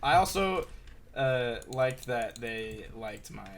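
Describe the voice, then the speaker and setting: A man's voice: medium pitch, animated, takes it slowly, creaky, slight background noise. A young man co-hosting a casual podcast, rambling with lots of fillers and restarts. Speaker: podcast co-host. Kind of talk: casual chat.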